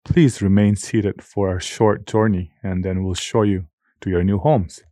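A man's voice: low-pitched, steady tone, unhurried, mellow, dry recording, clean studio sound. A man voicing fawning city officials who welcome guests with exaggerated courtesy in a storybook reading. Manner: fawning, announcing. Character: obsequious male city officials greeting guests.

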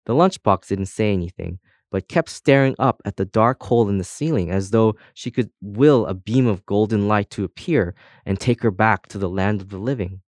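A man narrating a children's storybook in a steady, scripted reading. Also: lowish voice, moderate pace, hardly any pauses, no echo, clean studio sound. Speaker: audiobook narrator.

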